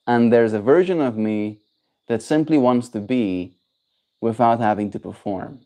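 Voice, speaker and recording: A young South African man with a South African accent, musing softly as he chats on a livestream, slow and soft-spoken. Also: mid-range voice. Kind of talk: reflective livestream chat.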